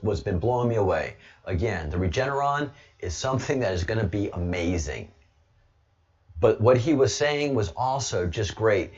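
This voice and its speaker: A man's voice: mid-range voice, husky. Rambling man on a lo-fi livestream. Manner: rambling, swings into loud excited bursts. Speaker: livestreamer, political commentator. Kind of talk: casual livestream talk.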